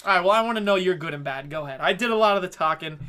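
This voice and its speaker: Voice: mid-range voice, rapid-fire, bright, forceful tone, clear, resonant tone. A podcast co-host in casual anime review chat, swearing freely and mockingly acting out scenes.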